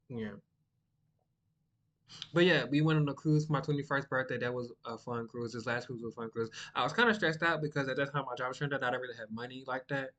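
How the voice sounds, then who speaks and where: A young man, chatting casually and rambling to the camera, by his own account monotone. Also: mid-range voice. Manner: rambling, sidetracked, self-described monotone. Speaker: vlogger.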